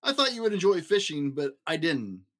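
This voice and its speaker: A dad voicing a sheepish friendly monster. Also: male voice, a little high, sing-song, normal speed, a bit bright, voice pushed up. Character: friendly monster Gabe, male, apologetic.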